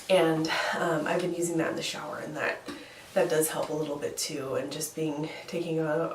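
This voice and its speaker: A young woman with a head cold talks casually to her vlog audience, her nasal, congested voice sitting low. She rambles with fillers and small laughs. She is recorded from a distance in a roomy, echoing space with faint ambience behind her. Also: a little hiss or hum. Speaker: vlogger. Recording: echoey room, voice from far off, faint ambience.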